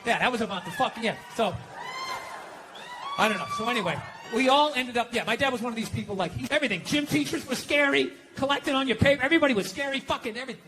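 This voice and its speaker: A stand-up comedian, talking in a sarcastic, profane rant. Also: male voice, very high-pitched, fast, sharp tone. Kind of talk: stand-up and talk show compilation. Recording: noisy compilation audio.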